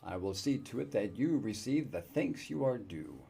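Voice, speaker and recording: A man's voice: on the low side, lively intonation, moderate pace, gravelly, dark tone, breathy edge, voice pushed down, full character voice. A man reading as a stern military commander. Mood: formal.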